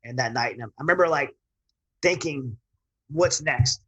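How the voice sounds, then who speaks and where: A man's voice: mid-range voice, normal speed, pushed and bright, husky, dull audio. A man, a military veteran guest, telling his personal story in an earnest, rambling way with frequent restarts.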